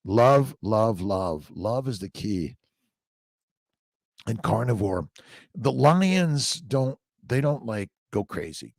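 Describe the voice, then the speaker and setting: The host, an older man, has a lowish, slightly mellow voice that's sing-song and slow, with no echo. On his relaxed morning livestream he reads out comments from viewers and talks in rambling bursts full of emphatic repetition.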